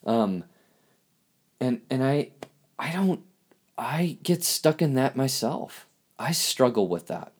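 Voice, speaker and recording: A man hosting a podcast, speaking in a halting, reflective monologue with lots of restarts, and openly emotional. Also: medium pitch, big pitch swings, husky. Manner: halting, searching for words, emotional. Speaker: podcast host.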